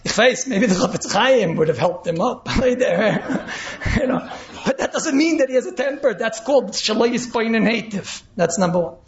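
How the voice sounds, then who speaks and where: A man, a rabbi, giving an animated Torah class, acting out quotes and mixing in Yiddish and Hebrew terms. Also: sits high. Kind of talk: Torah class on speech ethics. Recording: echoey room, dull lo-fi sound.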